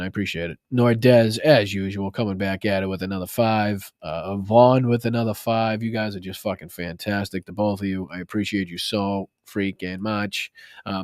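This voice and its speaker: A man's voice: mid-range voice, dry recording, studio quality. A man with a Boston accent hosting a livestream, swearing, mocking politicians and reading out viewer donations. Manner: profane, sarcastic, mocking. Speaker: political commentary host.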